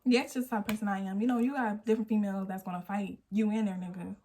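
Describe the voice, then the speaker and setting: A woman's voice: mid-range voice, steady tone, rapid-fire, heavy background noise. An eighteen-year-old woman telling a storytime vlog, acting out the quotes as she goes. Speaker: vlogger. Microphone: phone camera.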